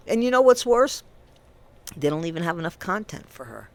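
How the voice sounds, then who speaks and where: A man giving a ranting true crime commentary, indignant and emphatic, swinging between loud bursts and low muttering. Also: big pitch swings, normal speed, no echo.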